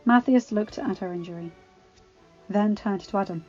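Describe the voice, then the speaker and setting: A woman narrates a story in a steady, expressive reading voice of middling pitch. The recording is dull and lo-fi, with faint music beneath. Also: moderate pace. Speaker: audiobook reader.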